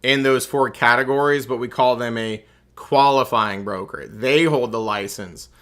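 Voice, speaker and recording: A man with a Southern US accent lectures his class in a folksy, joking way. He talks at a middling pitch, like an instructor walking students through the basics. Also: normal speed, a bit bright. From Southern United States. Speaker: real estate instructor.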